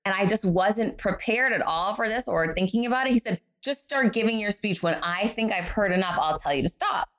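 Speaking fairly quickly with hardly any pauses, a middle-aged woman guesting on a podcast as an author recounts a story in a mid-range voice. She's animated throughout and performs the quoted voices of its characters.

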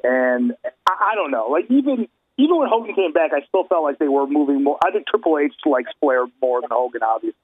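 A man's voice: on the high side, very animated, fairly quick, dry recording. A man co-hosting a casual wrestling podcast who gives firm opinions with lots of "like" and "you know". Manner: opinionated, many fillers. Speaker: podcast co-host. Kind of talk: casual chat. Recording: husky, phone-like sound.

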